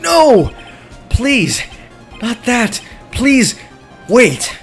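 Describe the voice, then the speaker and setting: An earnest young defense lawyer who pleads in a somewhat high voice, as a man dubs him for a game. His pitch moves a great deal, and faint music plays underneath. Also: big pitch swings, normal speed. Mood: desperate. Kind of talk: fan voice dub of a game.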